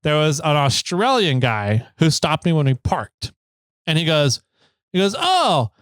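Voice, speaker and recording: A man hosts an off-road podcast, telling stories in a rambling, easygoing way with plenty of fillers. His voice sits a bit high for a man. The sound is dry and close. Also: expressive, unhurried, fairly bright tone, clear, resonant tone, no room sound. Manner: rambling, filler-heavy, laughs easily. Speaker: podcast host. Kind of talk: casual podcast storytelling.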